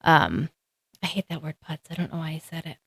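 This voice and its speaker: A woman talks through her own solo podcast in a loose, rambling way, with plenty of ums and little laughs. Her voice sits a bit low for a woman. The sound is close and dry, with no room around it. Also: expressive, fairly quick, gravelly, fairly bright tone, slightly rough, dry recording. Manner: rambling, giggly, frequent ums. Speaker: podcast host. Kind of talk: casual solo podcast talk.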